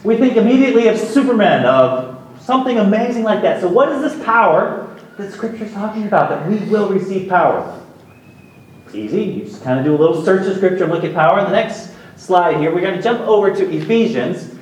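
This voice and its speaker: In a church sanctuary, a male pastor with a high, expressive voice preaches fairly quickly and conversationally, dropping in offhand asides and humor. The mic sits far away in a very echoey hall.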